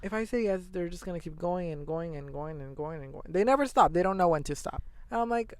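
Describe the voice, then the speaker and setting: Gravelly young man, rambling storyteller. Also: sits high, quick pace, few pauses, no room sound. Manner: rambling, animated storytelling with fillers and swearing. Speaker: podcast host. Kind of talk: casual solo monologue.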